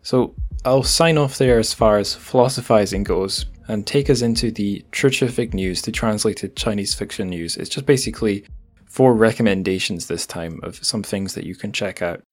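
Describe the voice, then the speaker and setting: A man's voice: on the low side, moderate pace, soft background music. A man with a Scottish accent hosting a podcast, talking casually and poking fun at himself. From Scotland. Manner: chatty, self-deprecating, with frequent restarts and asides. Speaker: podcast host.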